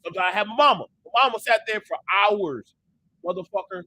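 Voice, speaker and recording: Male host, parent, heated rant; bright, lively, swears and shouts. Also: high voice, fairly quick, creaky, rough recording. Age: adult parent. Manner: profane, emphatic, repeats himself; swings into a shout when worked up.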